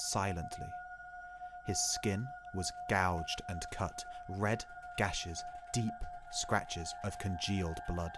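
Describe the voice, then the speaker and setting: Slow, dramatic male story narrator. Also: low-pitched. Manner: measured, dramatic reading. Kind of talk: audiobook reading of a short story.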